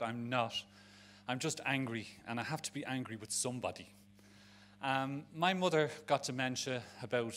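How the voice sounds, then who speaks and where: A man's voice: mid-range voice, fairly bright tone, a little hiss or hum. Frank middle-aged Dublin man. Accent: Dublin Irish. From Ireland. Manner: frank and emotional, rambling with restarts. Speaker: speaker at a charity event. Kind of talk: personal talk to an audience. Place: live event on stage.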